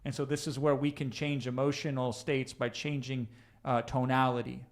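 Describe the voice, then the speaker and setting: A man's voice: medium pitch, level tone, moderate pace. A man hosting a live coaching session, talking casually and straight to his listeners, often checking in with "right?" and restarting his sentences as he thinks aloud. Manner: conversational, addresses listeners directly with tag questions; frequent restarts and fillers while thinking aloud. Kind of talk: live-streamed coaching talk.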